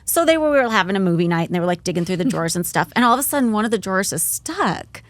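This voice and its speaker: A woman in her thirties co-hosting a podcast, telling a story in a lively, casual way with lots of fillers. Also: medium pitch, very fast, no echo. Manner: animated storyteller, many "like" fillers. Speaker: podcast co-host.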